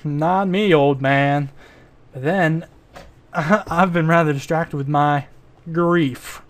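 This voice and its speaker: A man's voice: on the high side, slow. A man voicing a boastful, flirtatious male adventurer in a mystery game, with a drawling, self-satisfied manner. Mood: smug.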